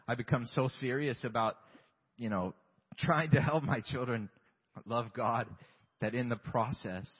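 Male pastor, husky mid-range voice, candid self-deprecating sermon, echoing church hall. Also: mid-range voice. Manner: candid, self-deprecating, asks rhetorical questions. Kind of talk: conversational sermon. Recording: long hall reverb, dull lo-fi sound.

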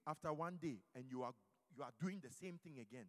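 A male pastor from Ghana preaching a sermon, moving between loud exhortation and quiet, personal storytelling. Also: a little high, brisk, in a large hall.

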